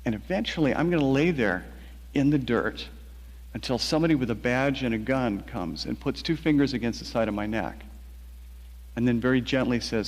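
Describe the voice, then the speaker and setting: Man telling a story in a reverberant space. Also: medium pitch. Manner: measured, quiet, with frequent halting restarts. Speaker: novelist. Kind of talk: reflective personal storytelling.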